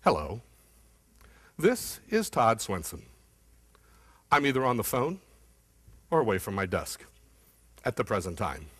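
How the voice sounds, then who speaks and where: A man voicing a slow, monotone man on the phone, drawing every word out. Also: fairly low pitch, slightly rough, no echo, voice pushed down, heavily acted. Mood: flat. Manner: very slow, drawn-out and flat.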